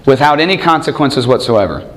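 A man preaching a sermon, animated, acting out quoted voices and asking rhetorical questions. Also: mid-range voice, brisk.

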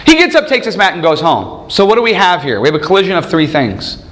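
A man's voice: high-pitched, fast. A man preaching a sermon, acting out quoted voices and asking the listeners questions. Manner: animated, acts out quoted voices, asks the congregation questions. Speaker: pastor.

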